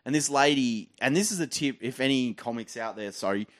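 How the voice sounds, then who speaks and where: A man with an Australian accent, a comedian telling stories with loud, animated delivery. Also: mid-range voice, a little fast, dry recording, clean studio sound. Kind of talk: comedy podcast storytelling.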